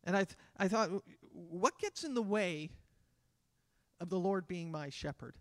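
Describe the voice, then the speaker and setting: A man in his fifties preaching in a conversational way, with a fairly high voice. He drops into softer voices to act out small scenes. The sound is dry and close, with little room. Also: measured pace, no room sound. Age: 50s. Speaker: pastor. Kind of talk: sermon. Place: church.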